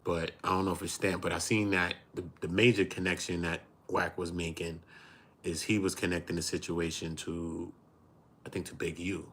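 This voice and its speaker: Deep-voiced new dude, slangy and joking, commentary riff. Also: male voice, flat delivery, moderate pace, a bit bright, a little hiss or hum. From New York. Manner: playful, slangy, breaks into laughter and acted asides. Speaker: commentary host. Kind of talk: animated street-slang commentary.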